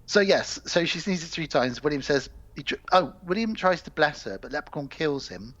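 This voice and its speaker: A man co-hosting a podcast, retelling a film plot in animated, sweary casual chat. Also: a little high, normal speed, dull audio. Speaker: podcast co-host.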